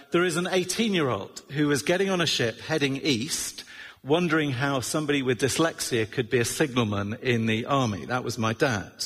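A middle-aged man delivers a sermon in a slightly husky voice. His manner is chatty and self-deprecating, with wry asides. The long echo of a large church hall trails after each phrase. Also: medium pitch, fairly bright tone. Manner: conversational, with wry asides and many fillers. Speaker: preacher.

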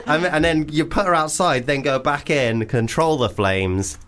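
A man's voice: mid-range voice, expressive, unhurried, a bit bright. A young man hosting a radio show, chatting casually in a jokey, playful way. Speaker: radio host. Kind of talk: casual chat.

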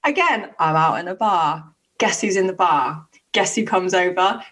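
A woman's voice: fairly low pitch, normal speed, a bit bright, recorded from a distance, low-quality recording. A young woman telling stories in casual chat. She acts out the quotes and uses many fillers and restarts. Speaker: podcast co-host telling stories. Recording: voice a little off-mic.

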